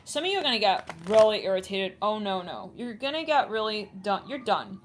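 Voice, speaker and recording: A woman gives a casual tarot reading, thinking aloud in a chatty, rambling way that often trails off and starts over. Her voice sits at an ordinary middle pitch. There is clear background noise with some clicks. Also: expressive, moderate pace, hardly any pauses. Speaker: tarot reader.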